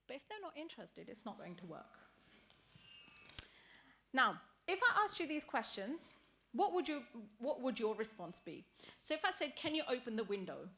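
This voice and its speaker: A woman runs a training session in a classroom, her voice bright and slightly high. She talks to the group in an animated way and acts out short sample dialogues to make her points. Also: normal speed, pauses often. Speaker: teacher leading a training workshop. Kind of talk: workshop presentation.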